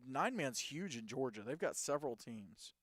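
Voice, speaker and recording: A man's voice: medium pitch, big pitch swings, moderate pace, no echo, clean studio sound. A man hosting a casual sports talk show, rambling through game recaps and reading off stats. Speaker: host.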